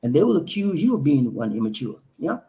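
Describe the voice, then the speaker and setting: A man hosting a live stream, his speech swinging widely up and down as he preaches casual relationship advice. He repeats his points for emphasis and keeps turning to greet and answer his viewers. His voice sits a little high for a man. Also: fast. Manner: animated and repetitive, preachy, addresses viewers directly. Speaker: live show host reading viewer comments. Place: living in the Philippines.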